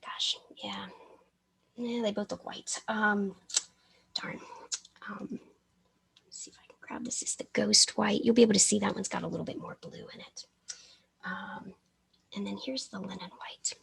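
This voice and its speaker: A woman's voice: medium pitch, expressive, normal speed, creaky, pauses often, fairly bright tone, slightly rough, in a whisper. A woman from the American South teaching a live miniature painting class, chatty and often interrupting herself, sometimes mumbling with a brush in her mouth.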